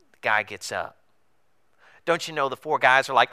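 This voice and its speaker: A pastor preaching a sermon, telling a story with animated, acted-out dialogue. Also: male voice, moderate pace, long pauses, smooth. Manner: animated storytelling, acts out dialogue with big pitch swings.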